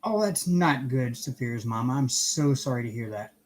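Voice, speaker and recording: A man's voice: medium pitch, animated, normal speed, slight background noise. A man hosting a casual live stream from home, cheerfully greeting viewers one by one by name while he works on a craft project. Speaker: livestream host.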